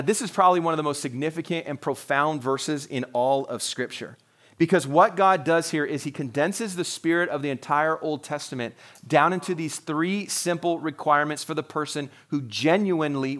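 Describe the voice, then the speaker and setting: Man, forties, pastor, sermon, high voice, earnest, conversational. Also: a bit bright. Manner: earnest, conversational preaching with restarts.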